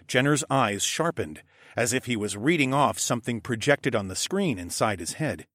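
A man narrating a first-person fantasy audiobook with a lively, storytelling delivery. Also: mid-range voice, normal speed, dry recording, studio quality.

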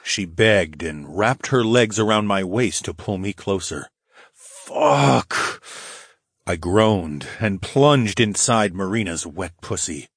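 Husky low-voiced male audiobook narrator. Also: unhurried, few pauses, no room sound, studio quality. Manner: steady, low growling delivery. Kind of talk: first-person fantasy audiobook narration.

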